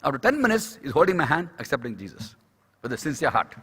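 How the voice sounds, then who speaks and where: Male preacher, slightly husky, highly animated, repeats key phrases, reverberant conference hall. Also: fast. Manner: storytelling, acts out dialogue, repeats key phrases. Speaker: speaker at a medical Christian conference. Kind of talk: devotional sermon.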